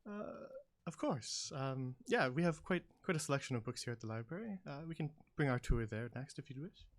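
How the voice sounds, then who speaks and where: A man voicing a courteous college staff guide who explains campus rules with many pauses. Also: mid-range voice, expressive, close to an everyday voice. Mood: explaining.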